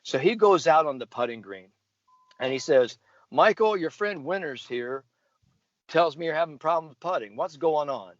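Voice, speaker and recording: Fairly high-pitched and animated, a man in his seventies who works as a golf sports psychologist tells a story at a moderate pace on a podcast, voicing the people he quotes. The podcast audio is dry and slightly dull, with no room sound.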